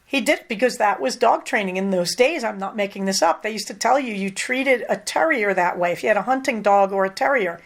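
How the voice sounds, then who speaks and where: An older woman hosting a podcast, talking candidly in a casual, conversational monologue with lively emphasis. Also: medium pitch, a little fast, few pauses. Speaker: podcast host.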